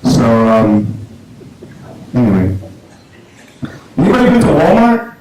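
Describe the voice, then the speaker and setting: Halting man doing stand-up in an echoey club. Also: medium pitch, wildly swooping pitch, a little mellow. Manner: halting, self-deprecating delivery with many restarts. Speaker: stand-up comedian. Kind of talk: stand-up comedy set. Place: small comedy club. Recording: echoey club room, audible noise, poor sound.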